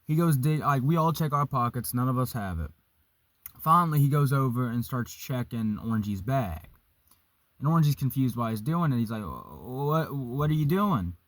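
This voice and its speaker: A young man casually telling a story, profane and animated, vaping as he talks. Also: mid-range voice, normal speed, no echo. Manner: vaping while talking.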